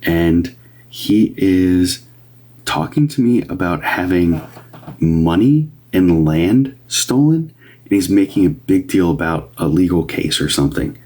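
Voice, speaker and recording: Rambling low-voiced man on a livestream. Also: animated, takes it slowly, a little mellow. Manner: rambling, hesitant, many fillers and restarts. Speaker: medium giving live readings. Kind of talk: casual livestream talk.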